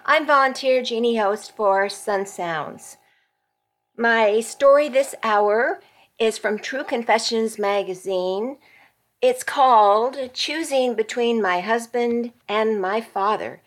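A woman volunteer reader narrating a dramatic magazine story aloud in a measured storytelling voice. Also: a little high. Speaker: volunteer reader for a reading service.

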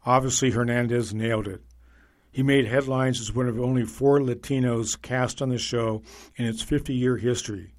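A man narrating a magazine feature in a measured, scripted reading voice. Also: medium pitch, fairly even intonation.

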